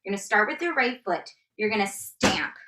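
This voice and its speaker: A woman's voice: medium pitch, animated, brisk, distant mic, noisy background. A woman in her thirties teaching a tap dance class, upbeat and counting out steps as she goes. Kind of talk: live online dance class instruction.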